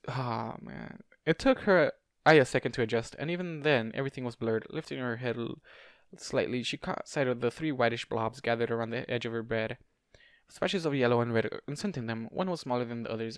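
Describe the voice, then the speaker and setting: A man's voice: mid-range voice, a little fast, smooth, no room sound. A man narrating fanfiction aloud in an amateur audiobook read, stumbling and correcting himself now and then and dropping casual asides. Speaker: fanfiction reader.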